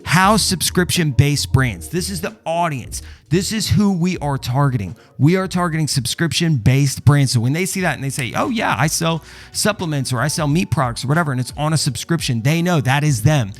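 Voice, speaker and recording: A man's voice: fairly high pitch, expressive, normal speed. A man teaching copywriting in a step-by-step walkthrough, emphatic and checking in often with the listener. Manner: emphatic, explains step by step with repeated "okay?" check-ins. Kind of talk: screen walkthrough tutorial.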